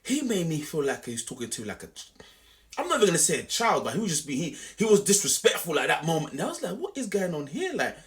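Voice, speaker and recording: A young man telling a story to camera in an animated, slangy, repetitive way. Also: fairly high pitch, fast talker. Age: young adult. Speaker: vlogger.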